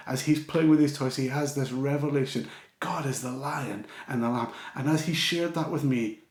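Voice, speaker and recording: A man preaching a sermon in a church, earnest, often dropping to a soft, low voice for emphasis. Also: echoey room.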